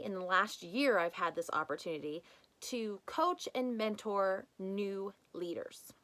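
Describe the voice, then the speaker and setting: Woman, 30s, podcast host and coach, bright and emphatic, acts out inner voices in a motivational monologue. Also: mid-range voice.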